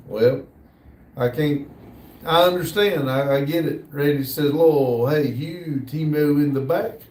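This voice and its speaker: A man's voice: fairly high pitch, darkish tone, far from the mic. Easygoing American man in a roomy space. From United States. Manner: easygoing, hesitant, frequent "uh" pauses. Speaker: livestream host. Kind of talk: casual live chat, reading viewer comments aloud. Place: workshop building near a shop area. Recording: roomy sound, voice from off the mic.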